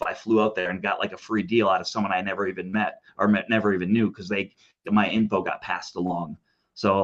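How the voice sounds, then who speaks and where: A man with a lowish voice speeds through a rambling, animated story, quoting other people as he goes. His audio comes through dull and lo-fi, as if over a remote call. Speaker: guest. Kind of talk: casual interview talk.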